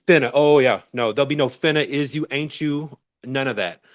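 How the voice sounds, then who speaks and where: A man's voice: mid-range voice, brisk, highs cut off, slight background noise. A man from the American South, a guest telling stories in casual conversation, laughing often. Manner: laughs often, relaxed storytelling.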